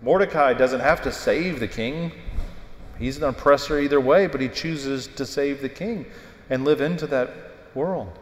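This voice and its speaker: A man preaching a sermon in a church, retelling a story with animated, emphatic delivery. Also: mid-range voice, unhurried. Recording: echoey hall with long reverb.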